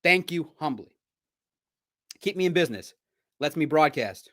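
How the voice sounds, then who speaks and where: Animated, boastful male podcast host. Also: fairly high pitch, a little slow. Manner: boastful, repetitive, trash-talking. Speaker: sports podcast host and reporter. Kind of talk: casual podcast monologue.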